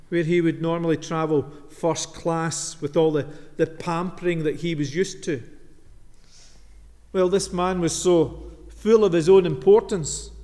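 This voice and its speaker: A man preaching a sermon as minister, telling a story with dramatic pauses. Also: high voice, mellow. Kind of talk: sermon with Bible reading. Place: church. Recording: long reverb of a church.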